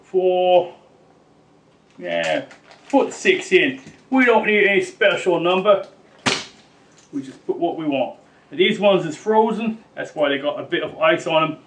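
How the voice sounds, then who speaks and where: A man's voice: sits high, expressive, measured pace, long pauses, far from the mic, a little hiss or hum. A man hosting a mock-serious cooking demonstration, rambling and joking with slangy asides. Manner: jokey, rambling, drops slangy "mate" and "bloody". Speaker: cooking show host.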